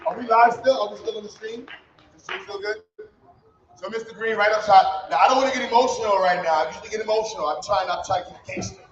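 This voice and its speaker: Speaking fast with a high-pitched voice, a founder gives an emotional, casual commencement speech in an event hall, leaning on loose street slang for emphasis. Background noise is noticeable on the roomy, slightly dull livestream audio, which carries faint ambience.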